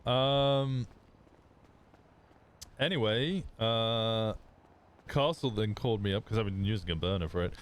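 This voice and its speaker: A man's voice: on the low side, measured pace, long pauses. Rambling man telling a role-play story. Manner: rambling storytelling with laughs and restarts. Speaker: streamer playing a wanted character. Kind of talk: casual in-character role-play chat.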